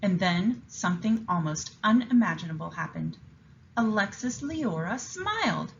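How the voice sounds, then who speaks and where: A woman teacher reading a picture book aloud with an expressive, enthusiastic delivery and explaining a writing lesson to young students. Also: on the low side, normal speed, muffled recording, a little hiss or hum.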